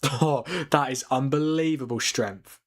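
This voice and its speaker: Excitable young man calling football live. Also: mid-range voice, measured pace, no room sound, studio quality. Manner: excitable, swearing, laughing, talking to a co-viewer. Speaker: watchalong host. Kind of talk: live football watchalong commentary. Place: home at night, keeping quiet.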